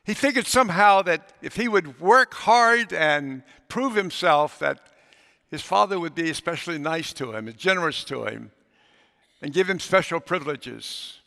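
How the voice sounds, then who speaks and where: A man's voice: fairly high pitch, normal speed, vocal fry, pushed and bright. A man preaching a sermon as pastor, telling a story and acting out its characters. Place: church sanctuary. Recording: long reverb of a large hall.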